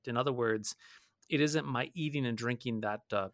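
A man's voice: mid-range voice, normal speed, no room sound, studio quality. A man who is a pastor, talking earnestly on a podcast, often repeating words as he thinks. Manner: earnest, repeats words while thinking, mimics voices in anecdotes. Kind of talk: conversational podcast discussion.

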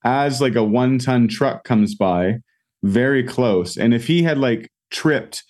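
A man's voice: medium pitch, unhurried. A man telling an incident in an interview, with lots of fillers as he goes. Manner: animated retelling with fillers. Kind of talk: storytelling in an interview.

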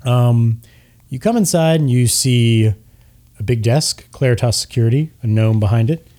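A man's voice: mid-range voice, moderate pace, mellow. A young man running a tabletop game, narrating in an easygoing way with plenty of fillers. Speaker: game master.

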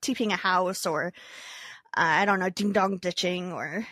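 A young adult woman co-hosting a podcast, telling stories in an animated, filler-heavy casual way. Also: on the low side, moderate pace, dry recording, clean studio sound. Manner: animated storyteller, many fillers. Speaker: podcast co-host. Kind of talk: casual chat.

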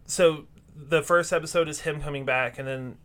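A man's voice: a little high, steady tone, normal speed, fairly bright tone. A man hosting a casual podcast chat, rambling with many ums and restarts. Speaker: podcast host.

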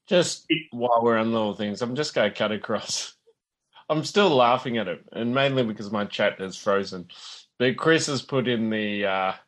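A man's voice: fairly low pitch, moderate pace, a bit bright. Man, podcast co-host, chatty, easygoing, casual talk. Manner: chatty, laughs easily. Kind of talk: casual chat.

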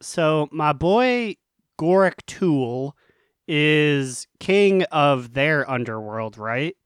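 A man co-hosting a casual gaming podcast, making jokey deadpan asides. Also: on the high side, very slow, clear, resonant tone, dry recording, clean studio sound. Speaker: podcast co-host.

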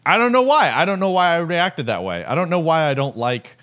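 A man's voice: on the high side, very animated, a little fast, a bit bright. Chatty young man telling stories. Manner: chatty storyteller, many "like" fillers. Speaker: podcast co-host. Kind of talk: casual chat.

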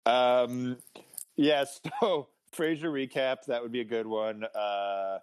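A man's voice: medium pitch, slow pace, smooth. Man, podcast co-host, casual chat, rambling, chuckles between thoughts. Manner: rambling storyteller, many restarts and chuckles.

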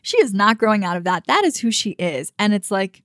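A woman's voice: mid-range voice, sing-song, brisk, dry recording. Young female dating coach, outspoken, chatty, mid-range voice, dry close sound. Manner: frank and emphatic, with frequent fillers and mild swearing. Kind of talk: casual opinion commentary.

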